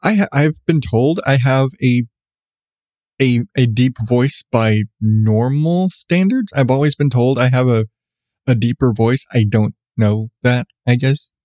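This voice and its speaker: Congested rambling podcast dad. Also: male voice, medium pitch, a little slow, dark tone, no room sound, studio quality. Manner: rambling, self-deprecating, restarts often. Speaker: podcast host. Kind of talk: rambling late-night solo chat.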